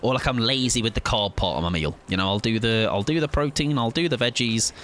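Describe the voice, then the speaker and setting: A man's voice: mid-range voice, quick pace, fairly bright tone, a little hiss or hum. A young English man chatting casually with his viewers while playing a game on a livestream. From England. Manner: chatty, jokey, reads chat aloud while playing. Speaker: streamer. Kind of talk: casual gaming livestream chat.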